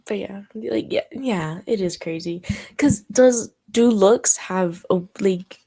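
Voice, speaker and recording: A woman's voice: medium pitch, slow pace, dark tone, husky. Playful young woman podcast co-host. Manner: playful, mock-scolding, encouraging. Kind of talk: casual podcast chat.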